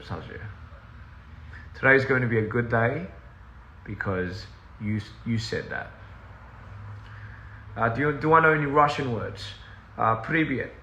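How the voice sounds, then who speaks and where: A man with a gravelly, bright voice chats loosely on a livestream, drifting off topic and laughing at himself. He is recorded on a phone in a roomy, echoey house with a faint hiss behind him. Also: mid-range voice, lo-fi sound. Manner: rambling, easily sidetracked, laughs often. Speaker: touring musician on a livestream. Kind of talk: casual livestream chat. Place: inside a house.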